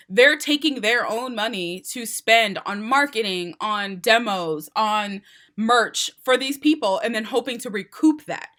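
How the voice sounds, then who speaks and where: A woman's voice: fairly high pitch, fairly bright tone. A young woman, an independent singer, chatting casually in a rambling way with frequent laughs. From United States. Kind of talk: casual chat.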